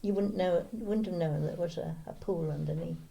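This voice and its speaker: Deep, mellow older woman recalling dances. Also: a little fast, creaky. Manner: short, plain answers. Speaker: interviewee. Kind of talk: oral history interview.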